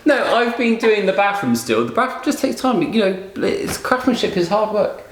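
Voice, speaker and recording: A man's voice: high voice, big pitch swings, normal speed. Sweary teasing man, echoey room. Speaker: podcast co-host. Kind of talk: casual chat.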